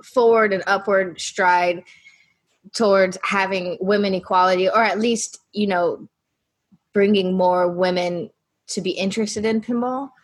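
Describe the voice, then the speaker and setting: A woman with a medium-pitched voice talks on a roundtable panel. She sounds upbeat and enthusiastic in a relaxed, chatty way. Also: measured pace. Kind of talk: casual roundtable chat.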